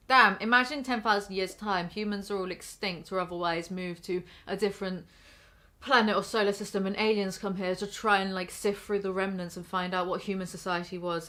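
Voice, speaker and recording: A woman's voice: medium pitch, sharp tone. A young woman ranting through a sarcastic, blunt commentary and swearing freely. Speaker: commentary YouTuber. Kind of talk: reaction commentary rant.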